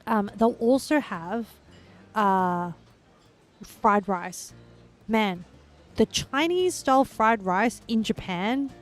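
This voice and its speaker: A young adult woman live-streaming a game, chatting casually and rambling with lots of filler words. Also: medium pitch. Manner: bursts into excited squeals and laughs.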